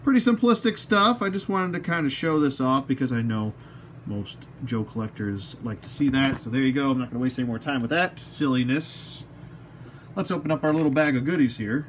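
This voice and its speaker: A man's voice: medium pitch, a little fast, a little hiss or hum. Rambling man unboxing toys, jokey asides. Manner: rambling, self-mocking, talks to the toys. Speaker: toy collector reviewer. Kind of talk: casual unboxing review.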